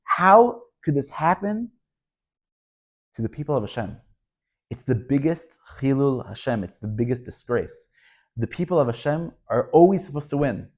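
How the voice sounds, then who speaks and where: Man, rabbi, Torah lesson, emphatic, rhetorical questions, storytelling, mid pitch. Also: very animated, moderate pace. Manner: storytelling delivery. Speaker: rabbi teaching.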